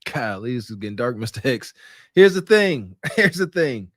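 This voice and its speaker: A man's voice: medium pitch, expressive, brisk, a bit bright, dry recording, clean studio sound. A man co-hosting a podcast in casual commentary, lecturing and scolding with sighs and laughs. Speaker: podcast co-host.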